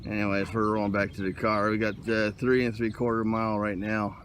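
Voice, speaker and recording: A man's voice: lowish voice, level tone, brisk, a bit bright. Folksy middle-aged man rambling outdoors. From Colorado. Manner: rambling, folksy, many fillers. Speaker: vlogger leading a rucking group. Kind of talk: casual walking vlog. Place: outdoor park and field, walking with a dog. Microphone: handheld phone camera. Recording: outdoor phone recording with background noise.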